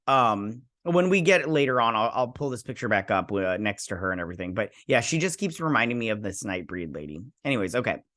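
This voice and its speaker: A man's voice: fairly low pitch, animated, fast talker, hardly any pauses, a bit bright, no room sound, clean studio sound. A man hosting a casual video review, emphatic and repetitive, saying "like" a lot. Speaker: host.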